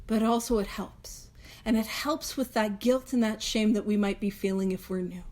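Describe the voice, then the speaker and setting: A woman's voice: mid-range voice, moderate pace, darkish tone. A young adult woman hosting a recovery book study, talking in an earnest, casual way, repeating phrases and laughing lightly. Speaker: podcast host leading a recovery book study. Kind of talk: casual heartfelt talk.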